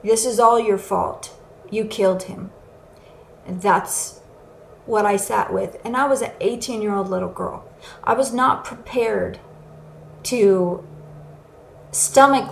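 A woman's voice: medium pitch, vocal fry, a little hiss or hum. A woman giving an earnest, emotional personal testimony as a recovery speaker. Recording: echoey room with faint ambience.

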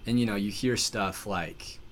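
A podcast guest tells a story in casual chat, his voice on the low side and a little slow against slight background noise. He's animated, stuffing his telling with "like"s and restarting sentences.

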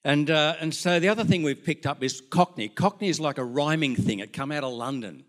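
Older man, Australian accent, pastor, folksy sermon, slightly high voice. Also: fairly quick. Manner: folksy storytelling with asides to the congregation. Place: church.

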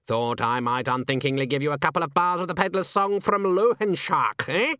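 A man's voice: fairly high pitch, a little fast, pushed and bright, clean tone, no room sound, clean studio sound. A man voicing a fussy, vain male swan with a huffy, sing-song manner in a storybook reading.

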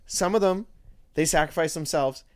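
A man's voice: a little high, normal speed. A man co-hosting a podcast in casual chat, laid-back, swearing often and repeating "yeah, yeah, yeah". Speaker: podcast co-host.

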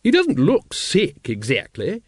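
A male narrator putting on a big-hearted aristocratic dragon breeder, flustered and awkward, voiced high and lively. She speaks in a hearty rush for an audiobook. The sound is close and dry. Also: unhurried, husky, dry recording, heavily acted. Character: gruff, aristocratic large woman, dragon breeder.

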